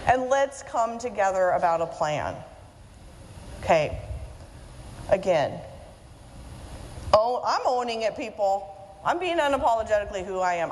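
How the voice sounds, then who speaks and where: A woman giving a humorous conference talk to an audience, chatty and self-mocking. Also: sits high. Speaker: keynote speaker and author. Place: event hall with audience. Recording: reverberant hall, faint room noise.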